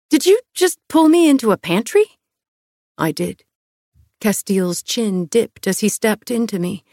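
A young woman reading a first-person romance novel aloud, softening her voice at the intimate moments. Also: medium pitch, no echo, clean studio sound. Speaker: audiobook narrator.

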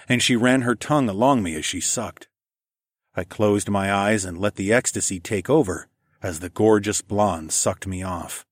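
A man narrating an erotic audiobook in the first person, in a soft, hushed, low-key delivery. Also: breathy edge, no room sound, clean studio sound.

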